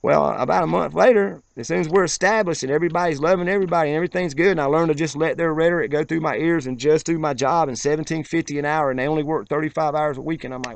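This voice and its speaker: A man's voice: a little high, quick pace, vocal fry, few pauses. A man telling a long personal story in a rambling, colloquial way, with plenty of profanity. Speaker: vlogger. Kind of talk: casual storytelling. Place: outdoors, then moving inside as rain starts.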